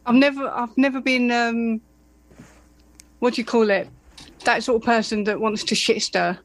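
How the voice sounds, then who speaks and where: A guest chats at a middling pitch. They talk hesitantly, with fillers and wry self-deprecation. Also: fairly even intonation, moderate pace, rough recording. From Essex, England. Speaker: guest, painter. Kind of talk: casual conversation.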